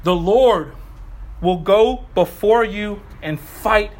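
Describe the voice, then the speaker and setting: A man's voice: high voice, slow, slight background noise. A middle-aged male pastor preaching a sermon in a fired-up, conversational way with casual asides.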